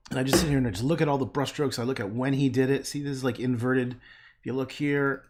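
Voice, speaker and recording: A man's voice: medium pitch, steady tone, fast. A man painting and chatting casually on a livestream, rambling and trailing off into muttered asides.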